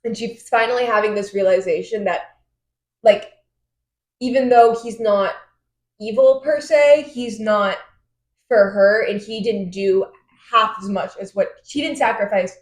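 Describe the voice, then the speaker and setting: A woman's voice: medium pitch, reverberant. A woman co-hosting a podcast, casually recapping a novel's chapters with lots of laughter, slang and swearing. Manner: giggly, swearing, retelling scenes in quick voices. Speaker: podcast co-host. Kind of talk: casual book chat recap.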